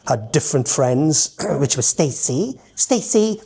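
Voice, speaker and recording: A Welsh man telling lively stories as a guest, animated and quick to slip into voices. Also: mid-range voice. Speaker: entertainer guest. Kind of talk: casual storytelling.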